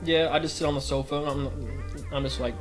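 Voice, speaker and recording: A man's voice: a little high, steady tone, fairly quick, over loud music. A man playing in a casual role-play, playful and jokey, recorded with a noisy background. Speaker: player.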